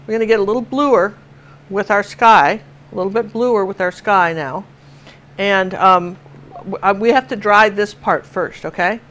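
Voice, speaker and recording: A woman's voice: medium pitch, moderate pace, a bit bright, low-quality recording. An older woman from Washington State giving a chatty live painting lesson, telling stories and laughing as she works. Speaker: painting teacher.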